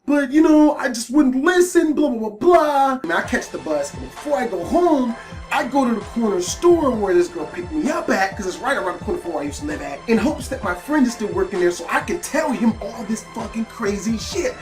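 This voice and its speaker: A man's voice: high voice, big pitch swings, a little fast, over music. A man telling a wild personal story in casual, profane storytime style, full of slang fillers. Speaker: storytime YouTuber.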